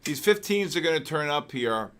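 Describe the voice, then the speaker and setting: Hosting a live trading show, this man talks about the market in a fairly high, a bit bright voice, expressive and at a normal pace. He rambles and repeats himself, breaks into exclamations, and keeps clearing his throat.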